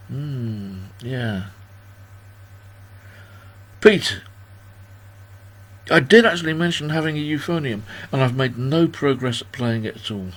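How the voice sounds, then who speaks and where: A sixtysomething man reads out viewers' comments at the livestream birthday party he's hosting from home, chatting loosely and joking at his own expense. His voice is medium-pitched, fairly bright, and slightly rough.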